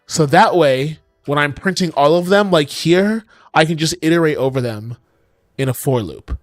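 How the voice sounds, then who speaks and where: A man's voice: a little high, lively intonation, moderate pace, no echo, studio quality, faint music behind. Exasperated swearing man coding on stream. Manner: exasperated, swears a lot, talks to chat. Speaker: game developer streaming his coding. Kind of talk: casual coding stream talk.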